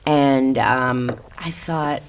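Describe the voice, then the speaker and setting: A woman's voice: a bass voice, extremely slow, slight background noise. An older woman from Florida, a guest actress chatting on a podcast, talking freely with lots of restarts. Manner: chatty, many restarts, drops into mimicked voices. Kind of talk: casual podcast chat.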